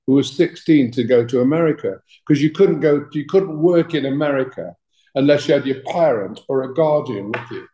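A man's voice: mid-range voice, normal speed, warm tone, low-quality recording. An older man with an English accent, a music manager telling blunt, colourful stories in an interview. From England. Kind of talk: interview anecdotes.

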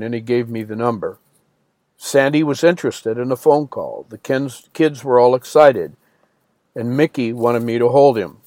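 A man's voice: mid-range voice, normal speed, a little mellow, no echo. Man narrating an audiobook, dry and close. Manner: plain storytelling, lifts his voice a little for quoted dialogue. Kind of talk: first-person audiobook narration.

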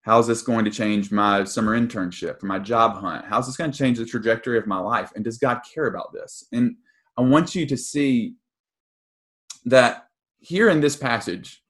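A man's voice: medium pitch, normal speed, fairly bright tone. A young man preaching a conversational sermon as pastor, casual and earnest, with frequent ums and restarts.

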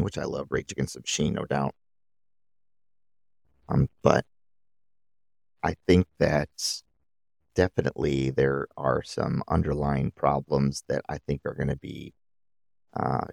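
A man's voice: extremely low pitch, gravelly, a little mellow, no room sound. A middle-aged man hosting a solo podcast, giving opinions in a rambling way with many restarts. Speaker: podcast host.

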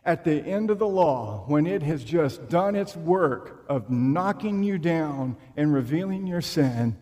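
A man preaching a sermon in a church, slow and emphatic, with dramatic pauses. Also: fairly high pitch, lively intonation, dark tone. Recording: long reverb of a large room.

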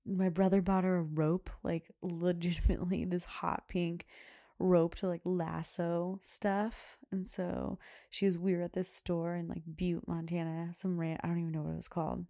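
Chatty woman with a low, mellow voice. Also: level tone, moderate pace, gravelly. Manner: chatty, laughs often, many "like" fillers. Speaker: podcast host, mother. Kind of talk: casual anecdotal chat.

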